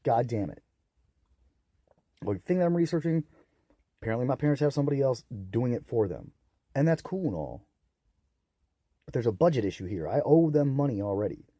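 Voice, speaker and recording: A young man ranting angrily on his own, profane and bitter, swinging into loud outbursts. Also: medium pitch, very animated, a little fast, long pauses, slightly rough, dry recording. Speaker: vlogger. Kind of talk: angry solo rant to camera.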